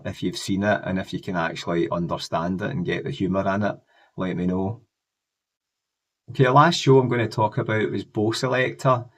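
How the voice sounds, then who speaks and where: A man, chatting in a rambling, enthusiastic way as he looks back on old TV shows and films for his vlog. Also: low voice. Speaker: music and pop culture vlogger. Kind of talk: casual nostalgic retrospective.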